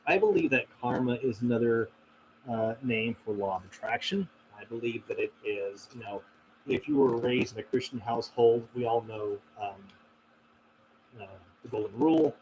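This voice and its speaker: A man with a medium-pitched, slightly mellow voice talks at a moderate pace while hosting a casual livestream Q&A. He answers viewers in a reflective, rambling style with many fillers and restarts, on a low-quality recording with a little hiss or hum.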